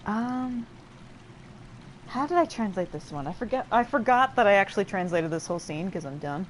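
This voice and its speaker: A woman's voice: fairly low pitch, slight background noise, rough recording. A woman hosting a game playthrough, casually chatting and translating dialogue with lots of fillers and self-interruptions. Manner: paraphrases game dialogue in quick lively asides. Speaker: let's play host translating a game. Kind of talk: casual gameplay commentary.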